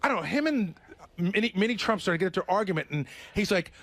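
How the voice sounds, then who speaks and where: Fast-talking high-voiced man telling stories. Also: no room sound. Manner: animated anecdote-telling, acts out quotes. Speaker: radio show regular. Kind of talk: casual radio banter, storytelling.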